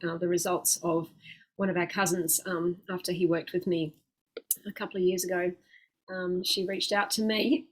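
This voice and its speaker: A woman with a New Zealand accent hosting a casual interview as a coach, chatty and halting with many fillers. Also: lowish voice, rough recording. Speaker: host, weight loss coach.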